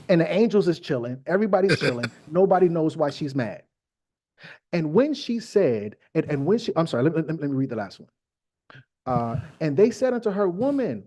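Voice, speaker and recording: A man hosting a podcast, reading Bible verses aloud and riffing on them in slangy, irreverent comic asides, often halting on fillers. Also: fairly high pitch. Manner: irreverent, slangy, animated storytelling. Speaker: podcast host.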